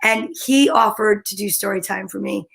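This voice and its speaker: A woman hosting a live stream in an upbeat, effusive chatting style, greeting viewers warmly by name and stretching out her hellos. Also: mid-range voice, steady tone, creaky, slightly rough. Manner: stretches out greetings slowly, sometimes drops to a soft whisper. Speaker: live-stream host and comedian.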